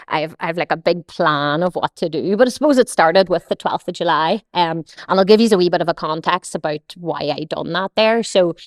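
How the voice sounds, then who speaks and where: A woman's voice: on the low side, a little fast, few pauses, no echo, clean studio sound. A young woman with a Northern Irish accent, a podcast guest telling stories bluntly and swearing freely. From Northern Ireland. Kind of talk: casual podcast interview.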